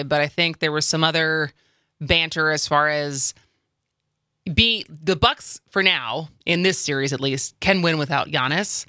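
A woman's voice: sits low, bright, forceful tone, no room sound. A woman co-hosting a talk radio show, chatting casually and rambling with frequent laughs. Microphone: studio microphone.

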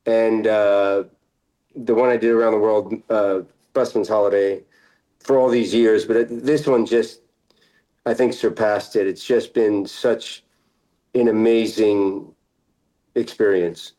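A middle-aged man, an actor guest in a casual interview, relaxed and laughing often, sometimes trailing off mid-sentence. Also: lowish voice, slow, rough recording.

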